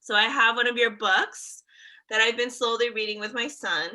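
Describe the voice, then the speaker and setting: A woman's voice: a little high, fairly even intonation, moderate pace, pushed and bright, poor audio. A young adult woman hosting a live interview, chatting casually with frequent laughter. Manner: chatty, laughs often, upbeat. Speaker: host.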